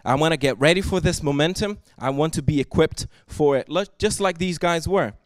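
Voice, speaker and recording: Guy preaching, high voice, dry close sound, gets loud and emphatic. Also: a little fast, no room sound. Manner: earnest, swings from soft to loud and emphatic. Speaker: pastor. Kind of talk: sermon. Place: church service.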